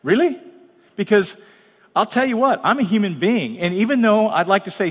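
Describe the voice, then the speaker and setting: High-voiced pastor preaching blunt. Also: male voice, animated, moderate pace, husky, big-room sound. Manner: blunt, conversational preaching with dramatic asides. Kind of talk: sermon. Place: large church hall.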